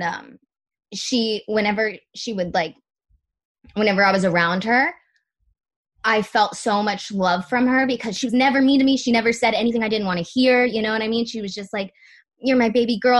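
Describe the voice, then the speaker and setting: A young adult woman speaking as a podcast guest in casual, candid chat, full of "like" fillers and the odd swear word. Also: fairly high pitch.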